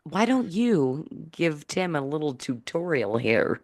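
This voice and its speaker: A woman's voice: low voice, big pitch swings, a little slow, a little mellow. A woman hosting a talk show over a video call, playful and teasing, laughing often. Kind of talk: casual video call chat.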